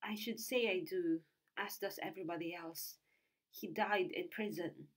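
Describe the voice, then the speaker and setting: A woman reading the lines of an old soldier, gruff but compassionate, blunt and matter-of-fact. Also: on the low side, measured pace, low-quality recording. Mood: grave.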